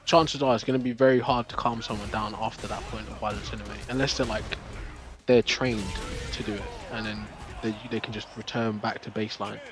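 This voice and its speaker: Guy streaming, rambly casual chat, lots of fillers, some quiet music in the back. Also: lowish voice, fairly even intonation, brisk. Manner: loose and chatty, many fillers and restarts. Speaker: live streamer.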